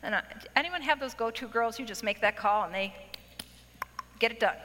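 Middle-aged woman preacher, bright tone, lively storytelling sermon, big hall echo. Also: fairly high pitch, normal speed, a little hiss or hum. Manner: animated storytelling with acted-out quotes. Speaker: speaker at a women's event. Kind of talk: testimony sermon. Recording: long hall reverb.

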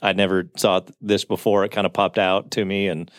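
Male co-host, quick speech, lowish voice, prompts with questions, dry room. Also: flat delivery, dry recording. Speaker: podcast co-host. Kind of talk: casual church podcast conversation.

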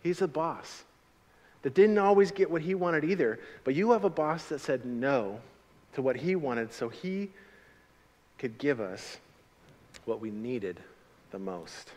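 Animated male pastor in a reverberant hall. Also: medium pitch, measured pace, long pauses. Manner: animated, swings from loud emphatic lines to near-quiet asides. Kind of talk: sermon.

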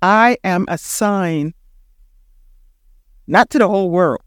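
A woman in her sixties with a Panamanian accent gives a motivational talk on her podcast, driving her points home and repeating them for emphasis. Her voice is smooth, resonant and fairly low, and she speaks slowly. The recording is dry and close-miked.

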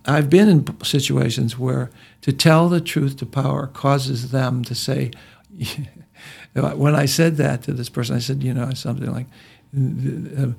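Gravelly husky man, rambling. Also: medium pitch, fairly even intonation, a little slow, a little mellow. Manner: rambling, many restarts, tells jokes and anecdotes. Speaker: podcast host. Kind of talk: casual discussion.

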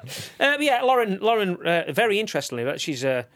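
A man's voice: sits high, very animated, fast talker, fairly bright tone. A man, co-hosting a podcast in casual chat, rambling and laughing often. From England. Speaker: podcast co-host. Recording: noisy room with a train passing outside.

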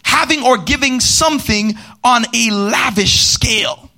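A man pastor preaching a sermon at a church service, calling out to the congregation and rising into sung, shouted cadences. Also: very high voice, unhurried, vocal fry.

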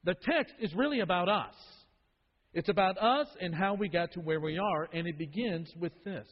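A man with a high voice preaches a sermon, repeating phrases for emphasis and dropping to a hush before rising again. The sound is muffled and lo-fi. A long reverb trails his words through the hall. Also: moderate pace. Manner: emphatic, repeats phrases, swings from loud to hushed. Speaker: pastor.

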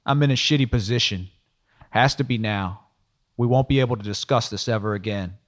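A man's voice: medium pitch, brisk, lightly acted. A man voicing a curt, pressured male business contact in an audiobook, speaking bluntly in clipped lines.

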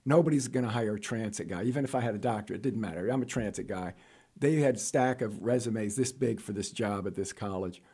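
A middle-aged man from New York telling stories of his career as an interview guest, jokey and animated, jumping up in pitch for punchlines. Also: fast, husky. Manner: animated, jokey storyteller with sudden high-pitched asides. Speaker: guest, college administrator. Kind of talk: casual storytelling interview.

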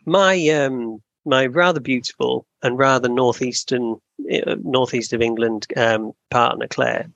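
A male podcast host talking in a reflective, halting way, often restarting his sentences. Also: mid-range voice, fairly even intonation, gravelly, a bit bright, no room sound, highs cut off. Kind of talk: casual conversation.

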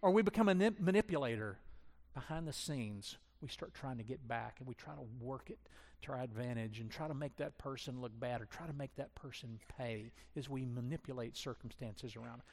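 A man's voice: medium pitch, brisk, darkish tone. A man preaching a sermon as pastor, conversational and self-deprecating, acting out the voices he quotes. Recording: long reverb of a large hall.

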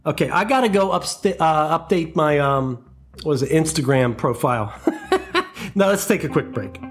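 A man hosting a comedy podcast, ranting in an animated, profane, mock-outraged monologue into a close mic. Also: on the high side, moderate pace, faint music behind.

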